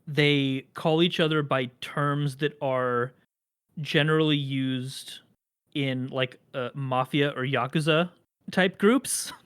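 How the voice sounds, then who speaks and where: Podcast host, talks at a middling pitch, meanders through long explanations, dry humor. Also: fairly bright tone, smooth. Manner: rambling, enthusiastic explainer with dry jokes. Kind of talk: casual podcast chat.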